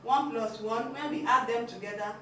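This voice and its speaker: A woman's voice: fairly high pitch, moderate pace, noisy background. A woman giving a language lesson, explaining patiently and repeating her points. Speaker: language teacher. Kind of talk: classroom lesson. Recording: echoey room, mic at a distance.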